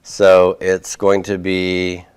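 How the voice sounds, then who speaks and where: A man teaching a Hebrew grammar lesson, explaining slowly with many fillers and frequent "okay?" check-ins while he writes on a board. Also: sits low, completely flat delivery, smooth. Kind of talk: recorded classroom lecture.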